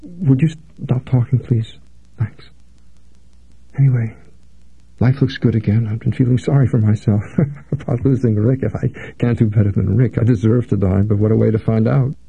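A man's voice: medium pitch, moderate pace, gravelly, dark tone, slightly rough. A man reading an audiobook, voicing a frightened young woman who talks in tremulous half-whispers. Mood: bitter. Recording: dry, phone-like narrow sound.

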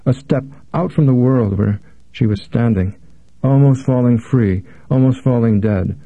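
A man narrating a literary audiobook in a measured, somber way. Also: medium pitch, warm tone, no echo. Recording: dry, tinny phone-like sound.

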